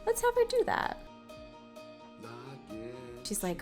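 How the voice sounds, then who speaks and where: A woman's voice: on the low side, measured pace, vocal fry. A woman hosting a let's play, chatting casually as she narrates her game with fillers and small laughs. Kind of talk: casual gameplay commentary. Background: game music.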